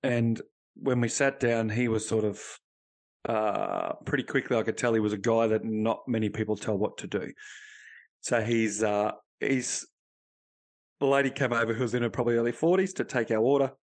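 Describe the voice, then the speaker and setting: A high performance coach talks casually and bluntly in a podcast interview, swearing freely as he tells stories. His voice is mid-range with fairly even intonation at a normal speed.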